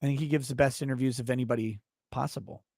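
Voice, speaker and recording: A man's voice: mid-range voice, fairly even intonation, very fast, a little mellow, breathy edge, no room sound, studio quality. A man hosting a casual livestream, reading viewer messages aloud and giving blunt, profane, offhand replies. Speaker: livestream host.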